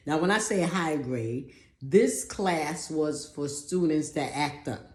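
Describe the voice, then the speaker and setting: A woman telling a personal story in a talk, animated, acting out other people's voices and often repeating words. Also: deep voice, unhurried, echoey room. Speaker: speaker giving a talk.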